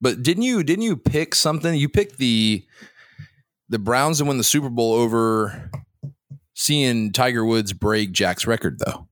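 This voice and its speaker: A man hosting a podcast in casual chat, asking teasing, probing questions with quick restarts. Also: medium pitch, animated, no room sound, studio quality. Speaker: podcast host.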